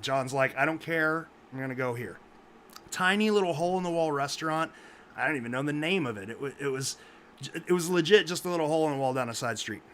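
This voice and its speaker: A man's voice: fairly high pitch, fast, slight background noise. A man, co-host of a memorial podcast, telling a funny anecdote on a group video call and acting out what others said. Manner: animated anecdote telling, acts out quoted voices.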